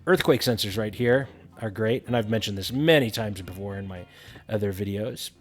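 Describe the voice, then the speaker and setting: A man's voice: on the low side, moderate pace, soft background music. A man casually narrating a building game tutorial, thinking aloud with frequent fillers.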